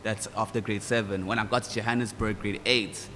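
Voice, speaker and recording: A young South African man with a Durban accent tells relaxed, meandering stories about growing up. He switches into Zulu now and then and does quick impressions of others. His voice carries a long hall reverb over faint ambient noise. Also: lowish voice. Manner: relaxed, rambling, mixes in Zulu phrases and mimics voices. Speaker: guest musician. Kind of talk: casual interview storytelling.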